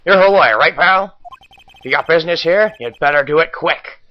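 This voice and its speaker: A man's voice: a little high, a little fast, dull audio, lightly acted. A man doing a gangster-talking tough detective. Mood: bossy. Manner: old-timey gangster talk, tacks on "pal" and "see?". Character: gruff tough-guy male police detective.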